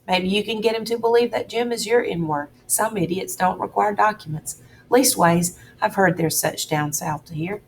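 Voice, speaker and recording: A woman's voice: medium pitch, moderate pace, a little hiss or hum, close to an everyday voice. A woman voicing a middle-aged male con man who drawls and bosses in a threatening way. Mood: bossy.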